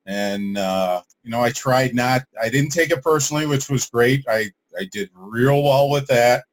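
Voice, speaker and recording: A man telling a personal story to a coach, rambling and halting with many fillers. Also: mid-range voice, poor audio. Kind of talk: casual storytelling.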